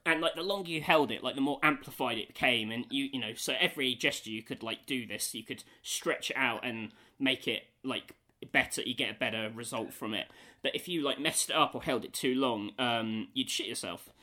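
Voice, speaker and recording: Bright-voiced man telling a funny story. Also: mid-range voice, fairly quick. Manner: animated storytelling, laughs often, many fillers. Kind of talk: casual chat.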